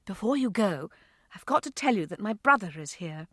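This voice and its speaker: A woman voicing a warm, caring mother who speaks earnestly. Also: medium pitch, expressive, moderate pace, slightly rough, no room sound, studio quality.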